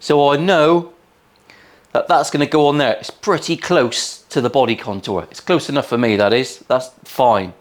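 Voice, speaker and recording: At a moderate pace and medium pitch, a West Country English man chats through his guitar-building vlog from his home workshop. He keeps it casual and cheeky, with plenty of swearing and jokes.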